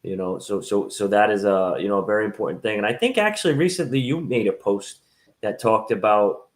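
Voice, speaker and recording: A man interviewing a fitness coach, speaking in a halting way with many fillers and restarts. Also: lowish voice. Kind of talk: casual interview conversation.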